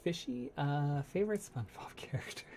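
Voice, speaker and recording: A man who makes ASMR content, hosting a casual livestream chat, soft-spoken and rambling, laughing often as he answers chat. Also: fairly high pitch, expressive, moderate pace.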